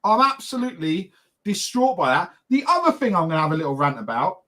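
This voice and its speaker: A man's voice: high voice, very animated, pushed and bright. A man co-hosting a podcast, telling family stories and ranting in a casual, chatty way. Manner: storytelling, ranting, quick and chatty. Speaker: podcast co-host. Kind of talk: casual chat.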